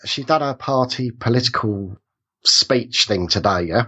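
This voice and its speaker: A man's voice: medium pitch, measured pace, bright, forceful tone, husky, highs cut off. A man with a British accent and a cold, chatting casually as a podcast guest in an easygoing, chuckling way. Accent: British English. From England. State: has a cold. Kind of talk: casual chat.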